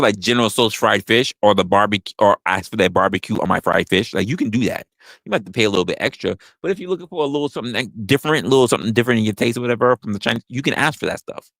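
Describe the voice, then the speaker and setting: A man's voice: lowish voice, fairly bright tone, no echo. A man hosting a talk show, ranting in a profane, emphatic way and repeating his points. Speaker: podcast host. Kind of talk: opinionated casual rant.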